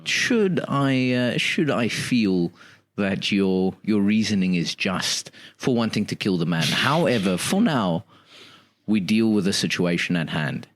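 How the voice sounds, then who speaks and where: Low-voiced earnest male co-host. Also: lively intonation, unhurried. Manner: rambling, earnest, mock-formal customer service. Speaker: podcast co-host. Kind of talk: casual comedic role-play and banter.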